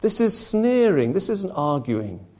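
A man's voice: high voice, sing-song, unhurried, mellow. A man preaching a sermon, impassioned and rhetorical, slipping into mocking asides.

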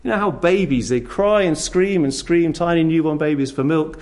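Middle-aged guy preaching, kinda high voice, keeps hammering listeners with questions. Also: moderate pace, darkish tone. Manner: earnest, presses listeners with repeated direct questions. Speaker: pastor. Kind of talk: sermon.

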